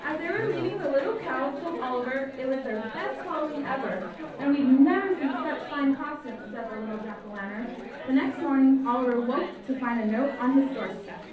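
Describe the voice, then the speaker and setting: A woman reading a storybook aloud to children and leading them in movement games, expressive and coaxing. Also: high voice, a little fast. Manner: expressive, coaxing, acts out voices. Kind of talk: animated storybook reading and kids' activity. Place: indoor library room. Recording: very echoey room, mic far off. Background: crowd of children.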